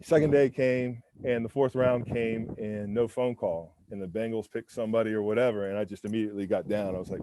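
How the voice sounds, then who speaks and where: A former pro football lineman in his forties from the United States tells candid stories in a casual interview on a windy rooftop. His lowish voice is fairly even and brisk, with hardly any pauses, and he's laid-back, using plenty of "man" and "you know" while acting out other people's lines.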